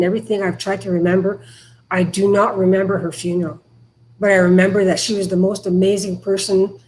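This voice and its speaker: A middle-aged woman from Canada speaking frankly and haltingly as a podcast guest about her past. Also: medium pitch, slight background noise, rough recording. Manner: frank, halting, emotional at times. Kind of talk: candid recovery interview.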